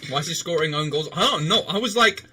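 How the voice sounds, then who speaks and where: A man's voice: on the high side, lively intonation, fast, sharp tone, a little hiss or hum. A young man streaming a game, chatting loosely and laughing often, with many restarts. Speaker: livestreamer. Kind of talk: casual chat while gaming.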